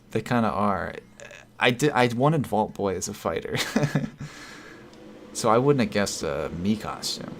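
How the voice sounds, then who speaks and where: A man's voice: fairly low pitch, a little hiss or hum. A man streaming live, chatting casually and reading out viewer comments, rambling and correcting himself. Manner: rambling, self-correcting, chuckles often.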